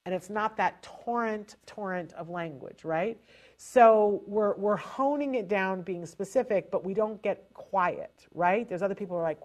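A woman giving parents casual spoken advice in a lively, chatty way, often restarting her sentences. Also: lowish voice, normal speed. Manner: animated and chatty, with frequent restarts. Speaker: advisor to parents on child language delay.

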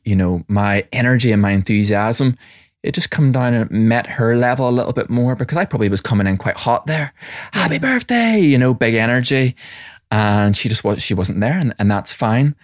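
A man with a lowish voice talks through personal stories in a reflective, unhurried way, often restarting his sentences. He speaks as a mindfulness teacher and father. The sound is dry and close, with no room around it. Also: steady tone, no echo. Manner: reflective, warm anecdotes with many restarts. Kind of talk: conversational interview storytelling.

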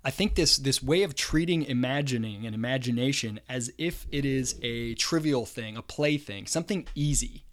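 A man's voice: medium pitch, normal speed, few pauses, a bit bright. Casual male podcast host. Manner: casual, thinking aloud, chuckles often. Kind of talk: solo podcast monologue.

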